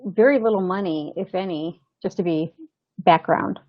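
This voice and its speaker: Her voice on the low side and her pace moderate, a woman actor spins a long, casual story as an interview show guest, lively acting out others' lines. The dry recording comes through a remote call setup and sounds slightly dull and lo-fi.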